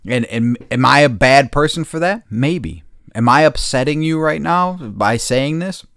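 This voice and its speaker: An American man hosting a podcast, ranting bluntly with constant swearing, swinging between low mutters and loud outbursts. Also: animated, unhurried, creaky, no room sound, studio quality. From United States. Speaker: podcast host. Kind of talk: profane opinion rant.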